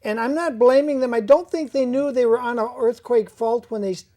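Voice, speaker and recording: A woman hosting an interview in casual chat, animated and talking through long what-if scenarios. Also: on the high side, brisk.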